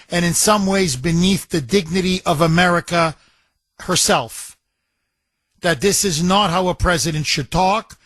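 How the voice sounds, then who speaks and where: High-voiced emphatic male radio host. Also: a bit bright, no echo. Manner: emphatic, rhetorical, repeats phrases for effect. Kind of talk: political talk radio commentary.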